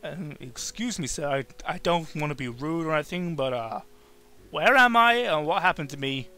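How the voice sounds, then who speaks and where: Man voicing a nervous chameleon hero, polite and apologetic, stammery, high bright voice. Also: animated, moderate pace, a little hiss or hum. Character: polite young male chameleon hero, anxious. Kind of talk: reading game dialogue aloud.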